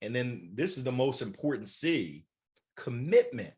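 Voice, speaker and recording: Lively motivational man in his forties. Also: medium pitch, measured pace. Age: 40s. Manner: animated, playful, motivational, acts out voices. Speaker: keynote speaker and author. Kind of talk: energetic interview answers.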